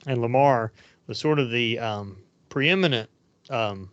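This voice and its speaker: A man's voice: mid-range voice, unhurried, a bit bright, smooth, no echo. A man, hosting a podcast and telling rambling, anecdotal stories in casual chat. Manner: rambling and anecdotal, with frequent fillers. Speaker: podcast host. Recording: dull lo-fi sound, dry.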